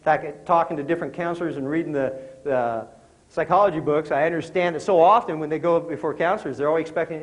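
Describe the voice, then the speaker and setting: A middle-aged man gives a motivational talk to a live audience, in a voice a bit higher than most men's. He speaks conversationally, asks the crowd questions and works jokes into his points. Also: quick pace, poor audio.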